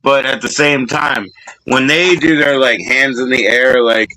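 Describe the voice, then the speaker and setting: A man's voice: medium pitch, unhurried, pushed and bright, poor audio. A middle-aged man hosting a casual streamed chat, rambling with restarts, laughing and acting out what people said. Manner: rambling, laughing, acts out quotes. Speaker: podcast host. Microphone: streaming call mic.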